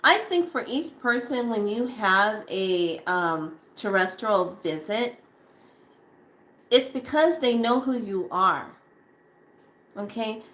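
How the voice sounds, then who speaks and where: In a relaxed spiritual talk aimed directly at her viewers, a woman speaks slowly with a bright, clear voice at a middle pitch. She stays animated, now and then performing bits of how she once reacted.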